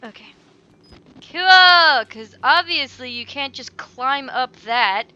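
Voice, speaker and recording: Taking it slowly, a woman hosting a let's play commentates a game with a high, animated, bright and forceful voice, though the recording is muffled. Jittery, she swears and mutters to herself, headset mic flipped up above her head.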